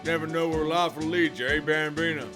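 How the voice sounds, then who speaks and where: A man voicing a laid-back male cowboy-style detective with a slow, folksy drawl. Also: a little high, steady tone, close to an everyday voice. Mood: easygoing. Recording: loud game music behind.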